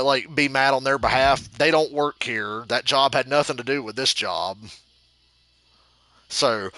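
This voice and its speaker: A young man commenting over a wrestling video game, telling a rambling, profane story that breaks into shouts. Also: mid-range voice, no room sound. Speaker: gaming channel host.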